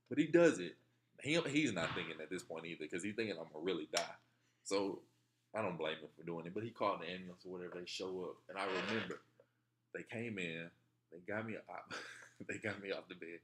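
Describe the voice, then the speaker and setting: A young man with a very deep, low voice tells a personal story in a laid-back, rambling way. He chuckles at himself and slips into quoting his own thoughts. A faint hiss sits under his voice. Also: fast talker, a bit bright. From Texarkana area, southern US. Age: young adult.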